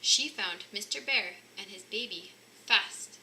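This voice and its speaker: Bright-voiced woman reading a storybook. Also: medium pitch, a little slow, a little hiss or hum. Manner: lively, lifting voices for the bear cubs' lines. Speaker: storybook reader. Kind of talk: reading a picture book aloud.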